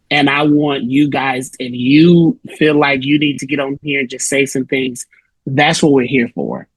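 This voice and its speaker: A man's voice: mid-range voice, husky, dry recording, poor audio. A man co-hosting a support call, speaking earnestly and bluntly to the group. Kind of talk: casual group video call. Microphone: video call.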